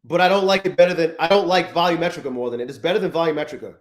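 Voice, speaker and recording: Brief: male live-stream host, somewhat high voice, loose profane rambling, roomy echoey sound. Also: steady tone, racing. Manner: profane, rambling, greets chat viewers. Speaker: livestream host. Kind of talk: casual live-stream chat.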